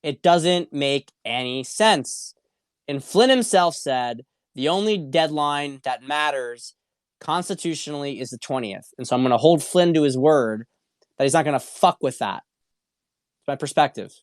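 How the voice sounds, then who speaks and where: A man's voice: on the high side, expressive, a little slow, clear, resonant tone, no room sound, studio quality. A man hosting a casual livestream, answering viewer questions in a blunt, profane way and often repeating himself. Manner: blunt and profane, with frequent repetition and restarts. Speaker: show host.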